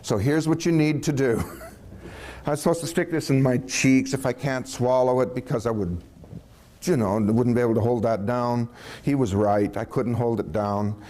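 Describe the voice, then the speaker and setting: A man spinning a long personal anecdote in an easy, conversational way. He chuckles often and slips into different voices when he quotes people. His voice sits at an average pitch for a man. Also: moderate pace, slight background noise. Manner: animated storytelling, chuckling, acting out quoted voices. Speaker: storyteller. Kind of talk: casual anecdote telling.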